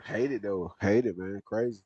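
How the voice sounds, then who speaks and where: A man hosting a livestream chats casually, in slang, with halting restarts. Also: fairly low pitch, mellow, breathy edge, dry recording, highs cut off. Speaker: livestream host reacting to videos. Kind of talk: casual chat.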